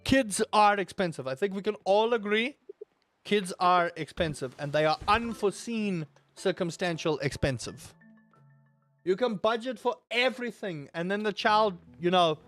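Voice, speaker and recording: A young man with a rambling, exaggerated storytelling manner, chatting casually while playing a game. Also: high-pitched. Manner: animated storyteller, exaggerated outbursts, rambling asides. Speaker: gaming YouTuber.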